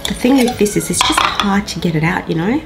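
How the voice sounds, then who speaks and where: A woman's voice: mid-range voice, expressive, fairly quick, creaky, very noisy. Chatty woman vlogging in a kitchen. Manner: chatty, rambling, talks to the viewers with asides. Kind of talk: casual vlog chat while cooking. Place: home kitchen. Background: music.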